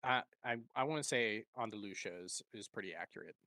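A man's voice: fairly low pitch, lively intonation, fairly quick, pushed and bright, dry recording. A man co-hosting a casual podcast chat, laughing often and stumbling over tricky names. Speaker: podcast co-host.

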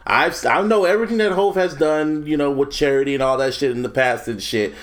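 A man's voice: on the high side, a little fast. A man co-hosting a podcast, arguing his side emphatically and swearing freely in a casual debate. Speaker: podcast co-host. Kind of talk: casual debate among friends.

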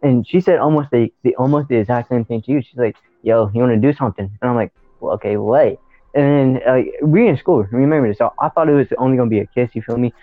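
A man's voice: medium pitch, fast talker, no room sound. A young man telling a story in rambling, slangy casual chat, laughing along. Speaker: podcast co-host. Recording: dry, tinny phone-like sound.

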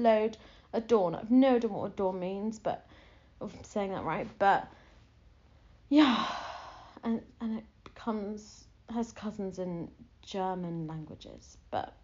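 A woman's voice: a little high, darkish tone, muffled recording. A young woman hosting her podcast in a casual, rambling monologue full of fillers. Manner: chatty, rambling with many fillers. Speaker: podcast host.

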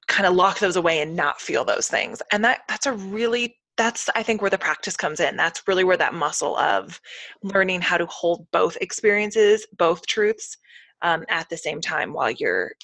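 Lowish voiced woman in her 30s, chatty podcast host on a video call, dry sound. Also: animated, a little slow, a bit bright, dry recording. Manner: chatty, acts out toddler and parent voices. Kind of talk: casual chat.

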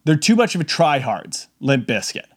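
Animated, lively-pitched male podcast storyteller. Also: normal speed. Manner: animated, comic, acts out quotes. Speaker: podcast host. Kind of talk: casual storytelling.

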